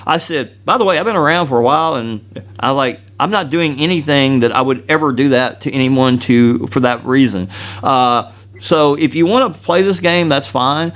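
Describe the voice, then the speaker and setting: A man hosting a podcast, telling a story in a rambling, animated way and often laughing. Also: a little high, moderate pace. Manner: rambling, with many restarts. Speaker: podcast host. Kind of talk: casual storytelling chat.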